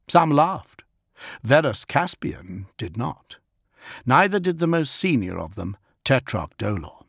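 Gravelly, low-voiced male narrator. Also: no echo, clean studio sound. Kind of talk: audiobook narration.

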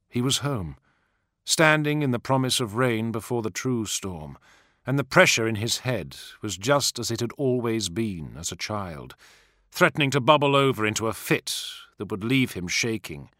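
Measured dramatic male audiobook narrator. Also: fairly low pitch, no echo, clean studio sound. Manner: measured, dramatic, dropping to hushed asides.

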